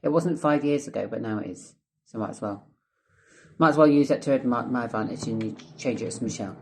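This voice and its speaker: A man's voice: mid-range voice, fairly quick, gravelly, darkish tone. A Scottish man telling a rambling personal story in a casual vlog, chatty and swearing often. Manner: rambling, chatty, heavy swearing, drifts off topic. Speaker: vlogger.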